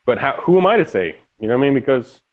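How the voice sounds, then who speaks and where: A young man in casual online voice chat, telling stories in an animated, profane way. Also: mid-range voice, racing, narrow, tinny audio. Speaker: lobby chat regular.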